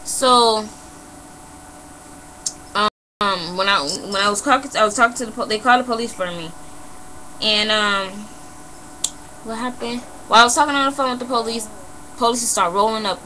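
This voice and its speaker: A young woman vlogger telling a personal story in a blunt, animated way, swearing freely and saying "you know" a lot. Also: medium pitch, normal speed, pauses often, slight background noise, rough recording. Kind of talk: casual emotional storytelling.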